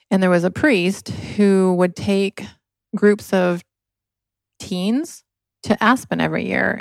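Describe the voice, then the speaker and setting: A woman's voice: mid-range voice, gravelly, no room sound. Earnest woman telling a personal story. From Michigan. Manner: earnest, emotional, acts out quoted voices. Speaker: podcast guest, inventor.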